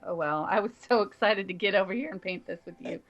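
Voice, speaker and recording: A woman guest artist on a live painting stream, excitable and giggly. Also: mid-range voice, quick pace, muffled recording, faint music behind.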